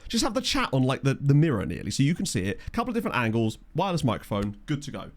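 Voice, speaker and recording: A man's voice: medium pitch, huge pitch swings, very fast. A man with a chatty, jokey manner, live-streaming a management game and reading out stats while talking to chat.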